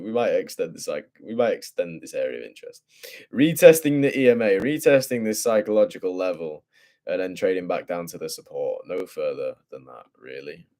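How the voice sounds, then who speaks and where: This is a young man walking through his trading charts. His voice sits very low and deep. He muses aloud in loose, profane slang. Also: lively intonation, fairly quick, mellow. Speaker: forex trader. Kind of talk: casual chart breakdown.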